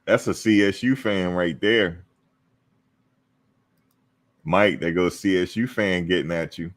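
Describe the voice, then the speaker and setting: A man's voice: deep voice, slow pace. A man hosting a casual live-stream talk show, teasing and answering his viewers. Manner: animated, teasing, talks to viewers and chat. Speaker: show host.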